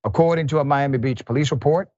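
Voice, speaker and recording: A man's voice: mid-range voice, quick pace, darkish tone, no echo. A man hosting a news commentary show, reading reports aloud and breaking into exasperated asides. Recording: dull, muffled, lo-fi sound.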